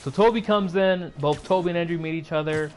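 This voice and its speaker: A man with a slightly high voice talks through a movie he just saw, casual and excitable. He rambles and restarts his sentences, leaning on fillers as he goes. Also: fairly quick, faint music behind. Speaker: YouTuber.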